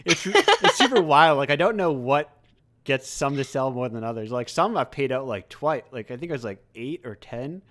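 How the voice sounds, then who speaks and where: A man's voice: mid-range voice, normal speed. A man hosting a live stream interview, chatty and easily sidetracked, laughing often and correcting himself as he talks. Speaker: livestream host. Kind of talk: casual interview chat.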